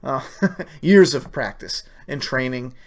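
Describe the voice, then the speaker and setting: A man's voice: medium pitch, takes it slowly. Blunt, profane male livestream host. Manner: blunt, profane and opinionated, with many uh fillers. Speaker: livestream host answering viewer questions. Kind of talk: casual live-stream chat.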